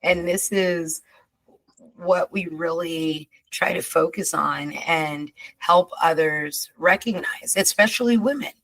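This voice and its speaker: A woman hosting a podcast in casual chat, talking in an emphatic, expressive way with drawn-out asides. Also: on the low side, low-quality recording. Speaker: podcast host.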